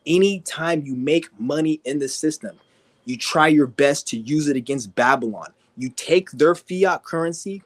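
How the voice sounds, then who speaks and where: A man giving a profane, aggressive ranting monologue, mocking and swearing constantly. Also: normal speed. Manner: mimics people in high whiny voices. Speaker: vlogger.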